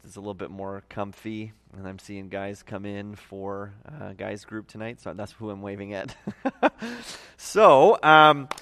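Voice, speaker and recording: A man teaching a livestreamed Bible study as pastor, in a casual, conversational way with lots of fillers. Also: medium pitch. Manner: casual and conversational, many fillers, animated emphasis. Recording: long echoey reverb.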